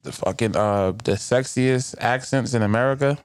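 A man's voice: mid-range voice, moderate pace, smooth. A man from Boston hosting a casual podcast chat, joking and emphatic as he talks with friends. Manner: animated, jokey, emphatic. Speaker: podcast host.

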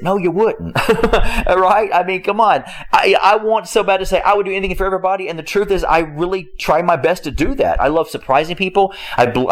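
High-voiced man preaching emphatically. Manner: emphatic, repetitive, punctuated with rhetorical "hello?"; chuckles while speaking. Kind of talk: conversational sermon.

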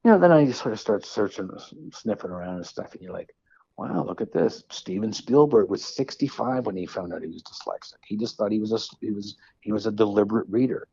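A man, a musician guest, talking casually in an interview, rambling with halting restarts and self-deprecating asides. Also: lowish voice, warm tone, husky, dry recording, highs cut off.

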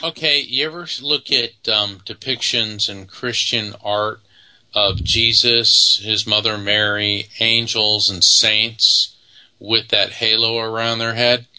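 Guy from florida explaining psychic stuff, super bright tone, lots of ums. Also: fairly low pitch, steady tone, slow pace, clean tone, low-quality recording. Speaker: psychic guest. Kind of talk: storytelling in an interview.

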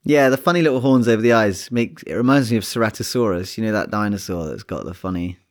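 Relaxed man chatting about science. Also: on the low side, fast. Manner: relaxed, thinking aloud with restarts and fillers. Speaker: podcast co-host. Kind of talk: casual science chat.

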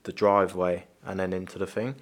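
A man's voice: level tone, brisk. A man, a former professional footballer, telling anecdotes in casual chat and swearing freely. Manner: anecdotal, swears freely, quotes others in lowered voice.

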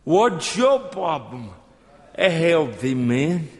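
A middle-aged man with slurred, effortful speech, preaching a slow, emphatic sermon with call-and-response. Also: fairly high pitch, sing-song. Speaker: evangelist. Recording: long hall reverb.

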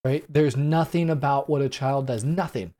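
A man in his late thirties giving solo commentary on news events, talking in an earnest, halting way with many fillers and restarts. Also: mid-range voice, dark tone. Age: late 30s. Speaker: podcast host.

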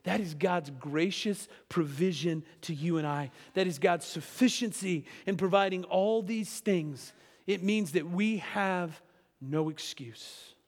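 A pastor with a voice that sits high preaches a sermon a little slowly, talking to the congregation conversationally and tossing in frequent tag questions like "right?" and "okay?". A long reverb tail follows his words.

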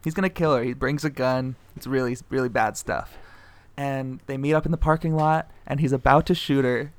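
A man's voice: mid-range voice, steady tone, fairly quick, clean tone, no echo. A young man co-hosting a comedy podcast, casually and jokingly retelling a movie plot and laughing often. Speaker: podcast co-host.

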